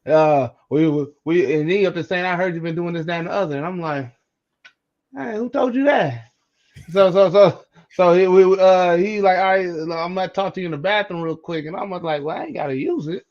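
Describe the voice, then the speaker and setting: A man co-hosting a podcast, telling a childhood story in casual chat, animated and acting out the voices in it. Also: sits high, fairly quick, lo-fi sound. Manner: animated, acts out quoted voices, repeats words. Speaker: podcast co-host.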